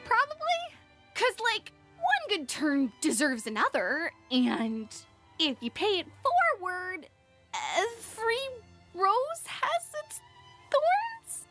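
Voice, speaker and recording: An awkward pushy fairy leader. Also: female voice, very high voice, huge pitch swings, takes it slowly, fairly bright tone, soft background music, exaggerated voice. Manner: rambling, clumsy encouragement.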